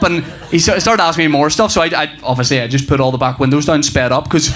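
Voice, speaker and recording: A man's voice: fast talker, few pauses, crowd noise. A man doing a stand-up routine, acting out stories about his young son and swearing as he goes. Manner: animated storytelling, swearing, acting out his kids in a high voice. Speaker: stand-up comedian. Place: comedy club stage with audience laughter.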